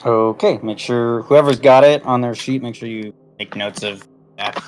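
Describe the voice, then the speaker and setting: A man's voice: mid-range voice, normal speed, a little mellow, faint music behind. A man talking casually as game master of an online tabletop game, asking players questions and taking notes. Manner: practical, note-taking, asks players questions. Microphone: online voice chat.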